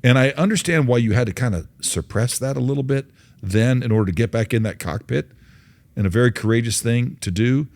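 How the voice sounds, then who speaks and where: A man's voice: mid-range voice, a little fast, darkish tone. A man hosting an interview, telling a folksy parable in an earnest way with many restarts. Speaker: host. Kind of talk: faith-based interview, storytelling.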